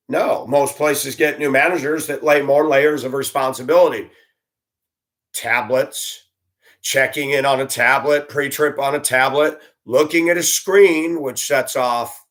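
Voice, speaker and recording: A man in his fifties, a school bus driver, delivering a blunt, animated rant with swearing and grumbling. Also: mid-range voice. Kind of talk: ranting monologue.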